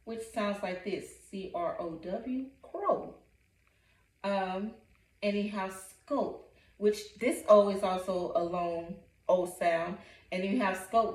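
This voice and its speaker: A woman working as a reading coach, giving a phonics lesson in a patient manner and repeating each word syllable by syllable. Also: medium pitch. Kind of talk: phonics lesson, sounding out words. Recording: echoey room, voice from a distance.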